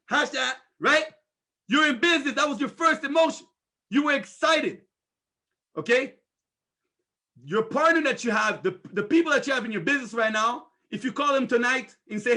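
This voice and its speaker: An energetic male sales trainer drives home his points with repetition and rhetorical questions. His voice sits very high and sounds bright and forceful. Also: normal speed, long pauses. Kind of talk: motivational training talk.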